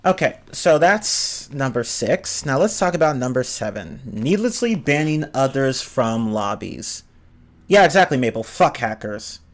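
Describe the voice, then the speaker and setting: A man's voice: mid-range voice, very animated, unhurried. A man giving a casual, exasperated rant, swearing often and stumbling over his words as he restarts sentences. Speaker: streamer ranting about online games.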